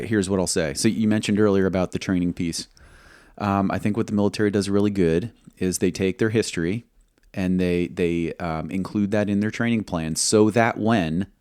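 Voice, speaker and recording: A man who served as a military pilot, telling a combat story in an interview, measured and halting, acting out quoted dialogue. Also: sits low, darkish tone, smooth, dry recording, studio quality.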